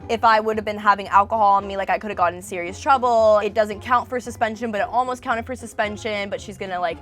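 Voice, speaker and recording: A young woman co-hosting a podcast, telling a story in animated, gossipy casual chat and swearing freely. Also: mid-range voice, fast, faint music behind. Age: young adult. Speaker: podcast co-host.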